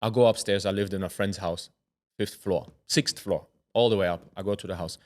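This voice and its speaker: Man telling a story with dramatic hushes. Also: low-pitched, fairly even intonation, fairly quick. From Germany. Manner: vivid retelling that acts out other people's voices, drops to a hush at tense moments. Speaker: interview guest, former footballer. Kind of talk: candid storytelling in a sit-down interview.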